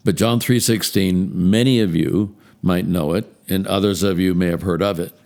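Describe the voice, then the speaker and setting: A man preaching a Christmas Eve sermon, telling a story in a slow, measured way with dramatic pauses. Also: low voice, steady tone, darkish tone. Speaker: pastor.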